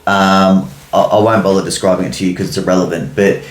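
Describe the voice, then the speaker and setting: A man's voice: sits low, flat delivery, fast talker, reverberant. A man co-hosting a podcast, telling a story loosely with lots of fillers and swearing. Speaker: podcast co-host. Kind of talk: casual chat.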